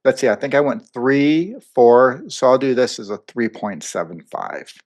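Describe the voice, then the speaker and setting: A man's voice: medium pitch, normal speed. A man co-hosting a movie review podcast, talking casually with lots of fillers and asides. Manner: rambling, animated, lots of fillers. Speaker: podcast co-host.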